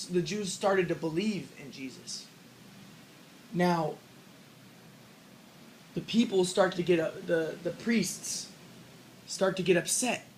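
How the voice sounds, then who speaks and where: A man's voice: sits high, a little hiss or hum. A man giving an informal spoken lecture, casually retelling a story and thinking aloud as he explains his own model. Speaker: self-published theorist explaining his model.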